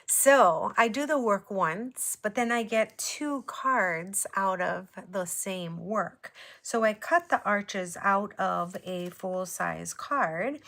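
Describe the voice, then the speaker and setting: A woman casually chatting through a show-and-tell of handmade cards, unhurried and admiring. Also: mid-range voice, a bit bright. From Hawaii. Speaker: papercraft vlogger.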